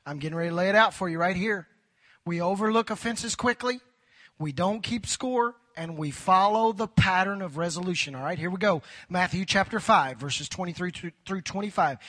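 A male pastor preaching to a big church crowd, his voice pitched high and ringing bright. He keeps prompting the people in the pews to talk back. His voice is wearing thin from preaching. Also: moderate pace. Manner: preaching with call-and-response prompts to the congregation. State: voice tiring, near hoarse. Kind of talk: sermon. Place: church sanctuary before a large crowd.

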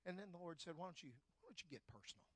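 An older man preaching a sermon, fervent and swelling loud on key phrases. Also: sits high, lively intonation, very fast, slightly rough, dry recording. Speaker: pastor.

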